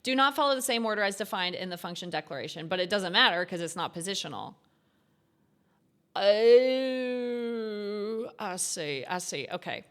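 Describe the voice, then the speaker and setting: A woman's voice: on the low side, animated, fast, few pauses, bright, forceful tone. Woman thinking aloud while coding. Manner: thinking aloud, reading code and lesson text half to herself. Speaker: streamer. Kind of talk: casual coding stream commentary.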